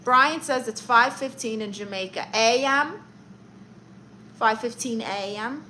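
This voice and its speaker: A woman's voice: fairly high pitch, slow, pushed and bright, a little hiss or hum, rough recording. A woman from Brooklyn, hosting a live stream as a comic aunt character who reads viewers' comments in a sassy, teasing way and calls them honey and darling. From Brooklyn, New York. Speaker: livestream host playing an aunt character. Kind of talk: live-stream chat reading.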